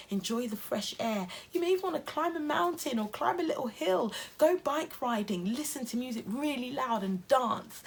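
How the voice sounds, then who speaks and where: A woman's voice: a little high, animated, brisk, hardly any pauses, a little hiss or hum. A young adult woman with an English accent, talking earnestly and encouragingly to camera in a self-care vlog. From England. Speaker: YouTuber.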